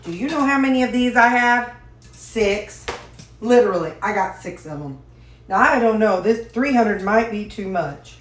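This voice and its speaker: A folksy woman talks her viewers through a home recipe, calling them y'all as she goes. Her mid-pitched voice rings in an echoey kitchen, with pots and dishes clattering behind her. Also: lively intonation, normal speed, slight background noise. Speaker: home cooking vlogger. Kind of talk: casual cooking vlog chat.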